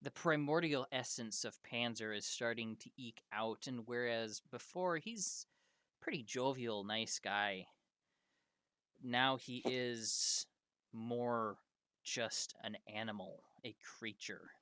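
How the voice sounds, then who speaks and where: Man, game master, slow drawn-out narration, bright smooth voice, dry close sound. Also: medium pitch, no room sound.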